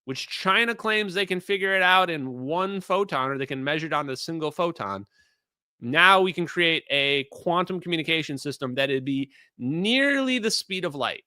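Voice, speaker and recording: Emphatic bright-voiced man streaming commentary. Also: a little high, animated, moderate pace, no echo, clean studio sound. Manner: emphatic, opinionated, addresses chat directly.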